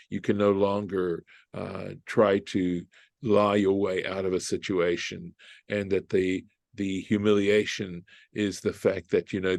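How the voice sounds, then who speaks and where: Rabbi leading a casual study group; lowish voice, dry close sound, reasons aloud and keeps asking "right?". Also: male voice, darkish tone, dry recording. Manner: thinking aloud, asks "right?" often, translates Hebrew phrases. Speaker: rabbi teaching a Torah study class. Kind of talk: informal group Bible study.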